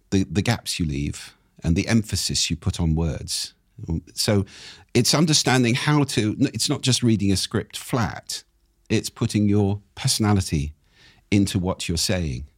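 A man, a speaking coach, explaining in conversation with lively, demonstrative intonation and a husky voice. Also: lowish voice, no room sound, clean studio sound.

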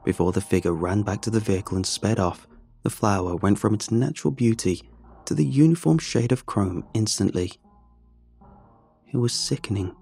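Husky, mellow male storyteller, measured and steady, faint music behind. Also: fairly low pitch. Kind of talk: first-person story narration.

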